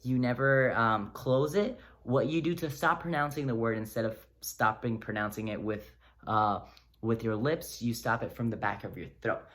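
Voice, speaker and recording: A man teaching pronunciation in a casual video lesson, relaxed and encouraging, joking often and using plenty of fillers. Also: mid-range voice, moderate pace. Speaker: language teacher. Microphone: close-up camera.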